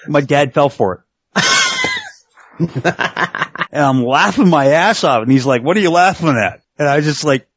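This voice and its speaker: A man's voice: on the high side, a little slow, pauses often, no echo. A middle-aged man in casual chat who laughs often, swears freely and tells stories with energy. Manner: laughs often, profane, animated storytelling. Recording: dull lo-fi sound.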